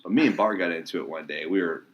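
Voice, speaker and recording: Deep-voiced man talking fast. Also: highs cut off. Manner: swearing, boisterous storyteller. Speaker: podcast guest. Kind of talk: casual chat.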